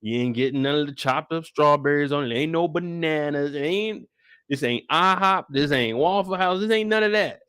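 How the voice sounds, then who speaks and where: A young man giving a casual live recap of a TV episode, talking in animated, slangy, profane banter. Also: a little high, normal speed, smooth, no room sound, clean studio sound. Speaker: show recap host.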